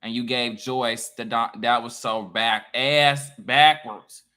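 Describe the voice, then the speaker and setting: Bright-voiced man lecturing his viewers. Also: medium pitch, takes it slowly. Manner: emphatic, profane and lecturing; animated, swings between loud and quiet. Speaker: online creator. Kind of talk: casual monologue to viewers.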